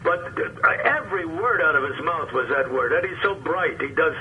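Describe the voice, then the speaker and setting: A man's voice: on the high side, lively intonation, moderate pace, phone-quality sound, a little hiss or hum. An older man, a comedian guest, chatting casually and telling rambling jokes. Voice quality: joking, rambling delivery. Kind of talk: casual interview chat.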